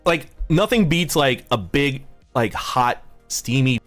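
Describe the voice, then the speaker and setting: A man's voice: medium pitch, lively intonation, slow pace, a bit bright, faint music behind. A man streaming a video game live, reading chat aloud and giggling as he plays. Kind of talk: casual gaming livestream chat.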